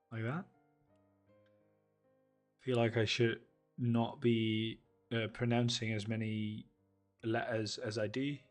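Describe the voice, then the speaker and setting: A man co-hosting a casual writing chat, thinking aloud in a halting way and poking fun at his own accent attempts. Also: medium pitch. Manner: self-mocking about his own accents. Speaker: podcast co-host.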